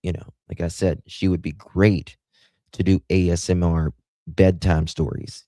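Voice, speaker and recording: A man's voice: low-pitched, little pitch movement, measured pace, dark tone, no echo. A man hosting a livestream, giving blunt, crude, rambling commentary. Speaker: livestream host.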